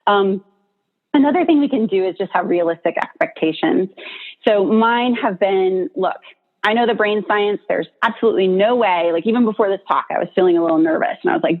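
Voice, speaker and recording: A woman speaks at a middle pitch in an informal, encouraging talk on stress, chatty and peppered with "right?" and "um". Her voice comes through a thin, tinny, phone-like line. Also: a little fast. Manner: encouraging, chatty, many fillers and "right?" tags.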